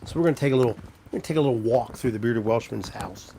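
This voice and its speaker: A man's voice: medium pitch, fast talker, mellow, a little hiss or hum. A man hosting a casual live stream, rambling as he greets viewers by name and walks around his home with a handheld camera. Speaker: livestream host.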